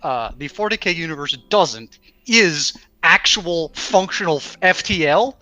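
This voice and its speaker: A man's voice: fairly high pitch, expressive, measured pace, bright, forceful tone, dry recording. A man hosting a casual panel chat online, rambling with many fillers and restarts. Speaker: podcast host.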